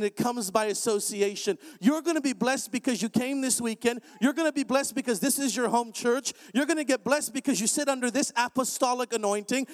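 A man preaching an energetic sermon in a large church, animated and joking with bursts of shouting. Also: very high-pitched. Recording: long hall reverb.

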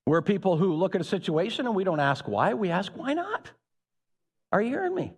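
Animated preacher, lively high pitch. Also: male voice, fast, breathy edge. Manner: animated, calls out to the congregation. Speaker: pastor. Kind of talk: sermon. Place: church. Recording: echoey hall.

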